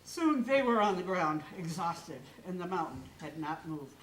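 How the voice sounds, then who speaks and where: A woman telling a folk tale aloud on stage in a lively, expressive way. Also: lowish voice, moderate pace. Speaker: storyteller. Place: live stage in a hall. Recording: echoey hall from far off.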